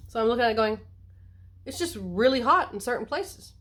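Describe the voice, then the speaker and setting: A woman vlogging a casual monologue to camera, playful and animated, wandering into asides and acting out little quotes. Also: a little high, fairly quick. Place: lives in the United States.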